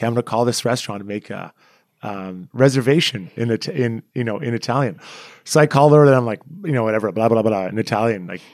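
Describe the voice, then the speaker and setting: A man's voice: fairly low pitch, dry recording, clean studio sound. A Canadian man in his forties, a former hockey player telling stories in a casual, self-deprecating interview. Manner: chatty, self-deprecating, animated when retelling stories.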